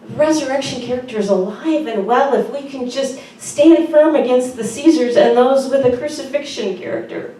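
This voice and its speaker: A woman pastor giving a sermon in an earnest, conversational way, with soft fillers, in a church sanctuary. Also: high voice, normal speed, a little hiss or hum. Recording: very echoey room from far off.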